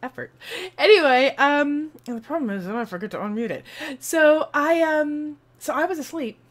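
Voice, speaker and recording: A woman streamer telling a rambling, animated story to her viewers, acting out the voices as she goes. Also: sits high, normal speed. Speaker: streamer and video host.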